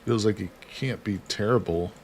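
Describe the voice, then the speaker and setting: There's a faint hiss or hum behind this man's lowish voice, which moves at a normal speed. Hosting a livestream of a survival card game, he chats with viewers, reads their messages aloud and talks through what he's doing.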